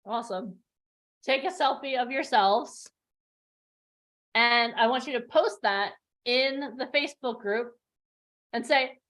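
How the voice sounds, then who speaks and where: Over a video call, a woman runs an online bootcamp for actors and models, coaching them live with passion and emphasis. Her voice sits fairly high and sounds sharp, and she speaks slowly with frequent pauses.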